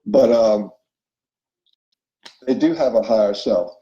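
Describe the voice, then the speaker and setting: A man's voice: lowish voice, slow, warm tone, echoey room, highs cut off. A man as an interview guest, explaining spiritual self-help ideas and checking in often with his listener. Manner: explanatory, acts out inner voices, checks in with listener.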